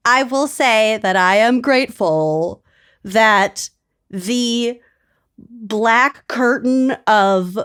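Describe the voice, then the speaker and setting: A woman co-hosting a podcast, chatting casually with a friend in a wry, sardonic way and pausing for effect. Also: fairly high pitch, clear, resonant tone. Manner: wry, sardonic humor with dramatic pauses. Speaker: podcast co-host. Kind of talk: casual chat between friends.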